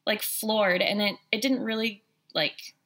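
Woman cohost, bright voice, easygoing faith talk. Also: mid-range voice, steady tone, measured pace. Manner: conversational, quotes scripture casually. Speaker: podcast co-host. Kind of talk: casual faith chat.

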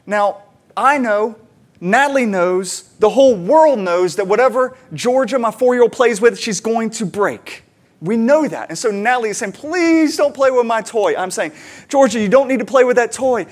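A man in his thirties, a pastor and parent, preaching a conversational sermon with fillers and lively retellings. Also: very high-pitched, moderate pace.

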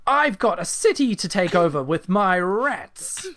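A man's voice: sits high, sing-song, unhurried, a bit bright, a little hiss or hum, pitched above the performer's own voice, exaggerated voice. Rat Bag, a gloating villain, as a man puts her on. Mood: menacing. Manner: grandiose villain monologue. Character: villainous ex-mayor woman, hunched, muck-covered, gloating.

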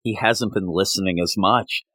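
Bright-voiced man in animated podcast chat. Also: moderate pace, no room sound. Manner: animated, retells scenes and jumps up in pitch when acting out characters. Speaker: podcast co-host. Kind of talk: casual discussion of a manga chapter.

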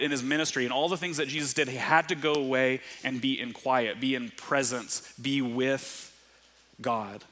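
Bright-voiced man preaching conversationally. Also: mid-range voice. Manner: conversational, animated preaching with quick asides and light laughs. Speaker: pastor. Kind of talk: sermon.

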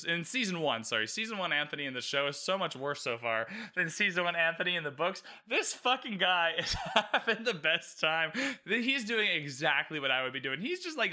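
A man talking through a book and its show adaptation in loose, animated commentary. His voice sits a little high and sounds very bright and forceful. He swears freely and keeps checking in with the listener. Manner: animated, swearing, frequent "you know what I mean". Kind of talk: casual reaction commentary.

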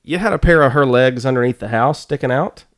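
A middle-aged man co-hosting a podcast in casual chat, hesitant and filling pauses with ums. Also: mid-range voice. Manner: unhurried, hesitant, many fillers. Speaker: podcast co-host.

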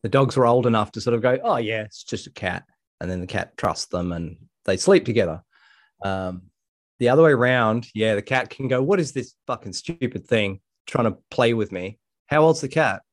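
A man's voice: on the low side, lively intonation, normal speed, dry recording, studio quality. A laid-back man chatting and joking, swearing casually. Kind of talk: casual chat.

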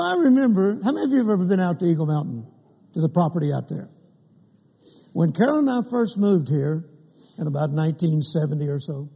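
A man's voice: sits high, vocal fry, mellow, husky. An older man preaching a sermon, telling humorous stories and acting out the quotes of the people in them. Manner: humorous anecdotes with acted quotes. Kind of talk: sermon storytelling. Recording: long hall reverb.

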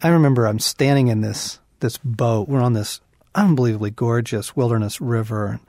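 A middle-aged man co-hosting a Christian podcast, talking earnestly and swinging from quiet musing to emphatic bursts. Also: mid-range voice, a little fast, dry recording, studio quality. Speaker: podcast co-host.

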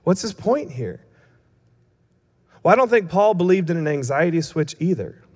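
A man's voice: fairly high pitch, big pitch swings, normal speed. A young male preacher giving a casual, humorous sermon, telling self-mocking stories before explaining scripture. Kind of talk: sermon with storytelling. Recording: long hall reverb.

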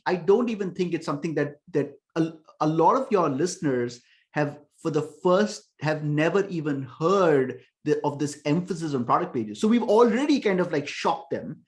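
A man talks through his ideas on a podcast with wide swings in pitch. He leans hard on key words and doubles back on phrases as he thinks. It is relaxed, conversational interview talk. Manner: animated explainer, emphatic, repeats words when thinking. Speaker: podcast guest, ecommerce conversion expert.

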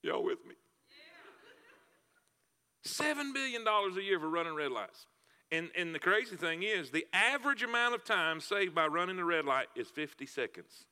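Bright-toned pastor preaching. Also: male voice, high voice, big pitch swings, moderate pace. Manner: folksy storytelling with repetitions and fillers. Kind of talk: sermon. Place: church sanctuary. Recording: long hall reverb.

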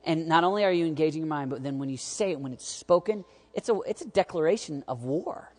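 A man preaching a sermon to young adults, animated and jokey, swinging from loud urging to quiet asides. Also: a little high, fast. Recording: long hall reverb.

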